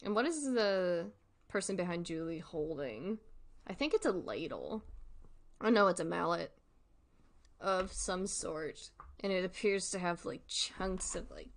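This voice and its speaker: Giggly, unhurried woman streamer. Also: fairly low pitch, expressive, vocal fry. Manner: giggly, rambling, self-correcting. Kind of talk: casual commentary on a web series.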